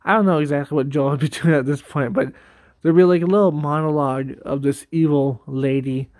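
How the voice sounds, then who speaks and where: A man's voice: on the high side, fairly even intonation, fairly quick, a little mellow, dry recording, studio quality. A man casually rambling about a game story, cursing and laughing often as he goes. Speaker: gaming video creator.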